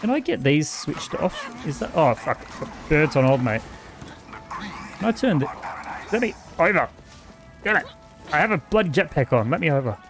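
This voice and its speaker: The Australian gaming host's voice here is fairly high and bright, swinging widely in pitch at a moderate pace with frequent pauses. Over soft background music, he swears casually through his let's-play and talks back to the characters.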